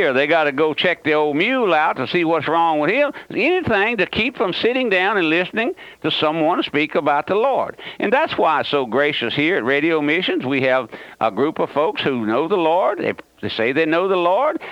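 A man's voice: on the high side, no room sound. Folksy man preaching over dull radio. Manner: folksy, emphatic preaching with many fillers and restarts. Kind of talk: radio sermon. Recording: dull, dry radio broadcast.

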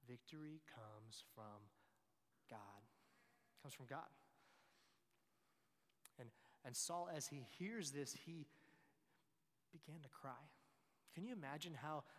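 A man's voice: mid-range voice, fairly bright tone, in a large hall. A man preaching a sermon, retelling a scripture story and reading its quoted lines with emphasis.

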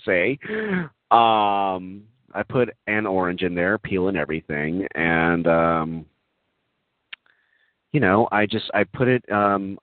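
A man's voice: deep voice, dry recording. Giggly earnest man, tinny lo-fi sound. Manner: gentle, overly earnest, with frequent giggles and ums. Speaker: comic prankster addressing an online group chat. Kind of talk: comedic earnest role-play. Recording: tinny phone-like sound, dry.

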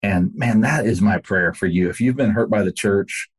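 A man's voice: on the low side, moderate pace, breathy edge. A man, a pastor and podcast guest, telling a story in casual conversation and speaking earnestly and directly to the listener.

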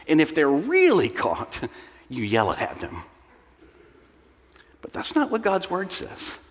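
A man's voice: sits high, a bit bright, big-room sound. A man preaching a sermon as pastor, earnest and explanatory with storytelling asides, in a church sanctuary.

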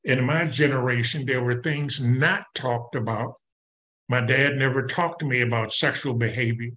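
A man's voice: mid-range voice, steady tone, moderate pace, sharp tone. An older man giving a folksy, conversational personal testimony at a recovery meeting, speaking straight to the audience.

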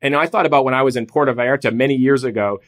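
A man hosting a casual interview. He talks at a quick clip, eager and animated as he tells his stories. His voice sits at an ordinary middle pitch. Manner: fast, enthusiastic storyteller. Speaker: podcast host.

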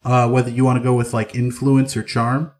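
A man acting as game master in a tabletop role-play, relaxed and halting, with many fillers. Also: mid-range voice. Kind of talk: narrating and voicing characters in a tabletop game.

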